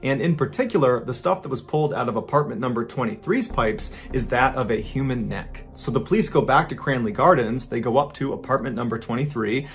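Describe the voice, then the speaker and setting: A man tells a true crime story in a relaxed, conversational way, as if talking to a friend. His voice sits at an ordinary middle pitch, and he links events with plain spoken fillers.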